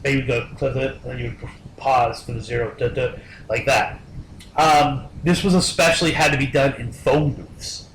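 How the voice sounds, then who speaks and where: A man's voice: mid-range voice, fairly even intonation, moderate pace, fairly bright tone. A man hosting a podcast, telling a story in a casual, rambling way with lots of fillers and restarts. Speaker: podcast host. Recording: roomy echo, faint noise.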